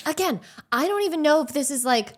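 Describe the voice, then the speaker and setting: Blunt, lively-voiced woman co-host. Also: sits high. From Long Island, New York. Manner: blunt, profane, quick to laugh. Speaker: podcast co-host. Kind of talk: casual chat.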